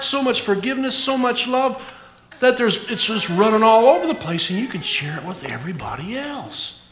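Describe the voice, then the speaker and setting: Pastor doing a kids sermon, bouncy lively voice, roomy church echo. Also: medium pitch, normal speed. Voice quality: animated, playful with kids. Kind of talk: children's sermon.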